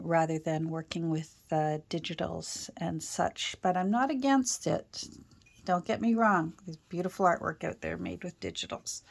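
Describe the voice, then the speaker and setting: A woman's voice: lowish voice, a little mellow. A Canadian woman from Ontario chatting casually while she crafts, rambling with fillers and self-corrections, her voice still a little off after a sore throat. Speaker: crafter and channel host. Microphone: own external microphone.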